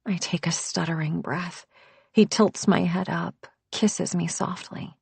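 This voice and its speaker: A woman reads a first-person novel aloud in a measured, intimate voice. Her tone is slightly husky with a gravelly edge, recorded dry and close. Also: lowish voice, fairly even intonation, a little mellow, no room sound. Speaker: audiobook narrator. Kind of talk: first-person audiobook narration.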